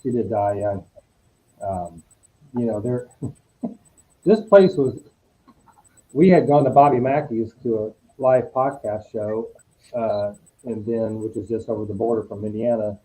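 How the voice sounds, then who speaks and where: A man's voice: on the low side, unhurried, long pauses, low-quality recording. A middle-aged man, a podcast guest, telling a story in a casual way and acting out what people said. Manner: animated, acts out quoted dialogue.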